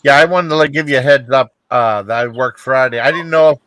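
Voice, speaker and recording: A man's voice: mid-range voice, quick pace, fairly bright tone, no room sound. A man chatting casually on a live stream, upbeat and rambling with lots of fillers. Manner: rambling, upbeat, many fillers like "you know" and "I mean". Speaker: livestream host.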